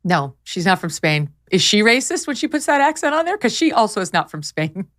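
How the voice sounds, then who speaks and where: A woman's voice: medium pitch, big pitch swings, brisk, fairly bright tone. A woman hosting a talk show, chatting in a mocking, incredulous way and laughing often. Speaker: show host. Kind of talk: casual commentary chat.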